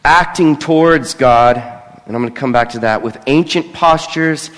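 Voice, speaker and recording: Mid-range and a bit bright, this middle-aged man's voice moves at normal speed as he preaches. The pastor's sermon is conversational and earnest, with frequent self-deprecating asides, recorded in a church sanctuary with a big hall's long reverb.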